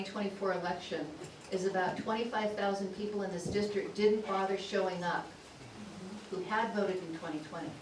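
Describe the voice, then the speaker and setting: A woman's voice: mid-range voice, fairly even intonation. A woman running for office gives a confident campaign closing statement and calls herself a policy wonk. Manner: confident, brisk and data-minded. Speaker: political candidate. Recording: echoey hall, distant mic, noisy.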